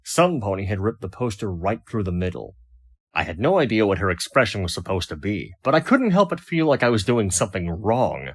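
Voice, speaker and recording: A man reading a first-person fan fiction story aloud, wry and expressive. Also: on the low side, fairly quick, slightly rough. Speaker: audiobook reader.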